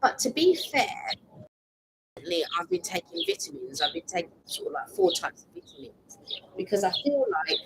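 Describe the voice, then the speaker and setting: A woman's voice: on the high side, huge pitch swings, moderate pace, vocal fry, background noise. Rambling woman chatting outdoors. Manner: rambling, lots of "like" and "um". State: recovering lost voice. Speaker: co-host of live stream. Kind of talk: casual live-stream chat. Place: outdoors in a garden. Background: birdsong.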